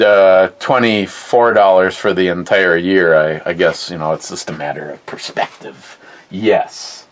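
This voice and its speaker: This livestream host has a deep voice, speaks a little slowly, and comes through on poor audio. He chats casually and reads out viewer comments, rambling bluntly and swearing freely.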